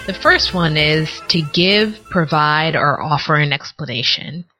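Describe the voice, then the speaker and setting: Low-voiced woman teaching vocabulary. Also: bright, forceful tone, soft background music. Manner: measured, explains words with examples. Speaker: podcast co-host. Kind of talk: scripted vocabulary lesson. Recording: dull lo-fi recording.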